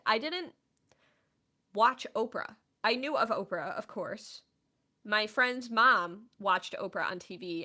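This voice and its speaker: A woman in her thirties hosting a casual chat stream, telling stories in an animated, chatty way. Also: mid-range voice. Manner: chatty, animated storytelling with laughs.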